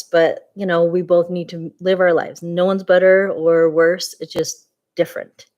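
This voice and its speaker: A woman in her forties gives a tired, candid vlog update in a lowish voice. She rambles, trails off and restarts her thoughts. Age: 40s. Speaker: vlogger.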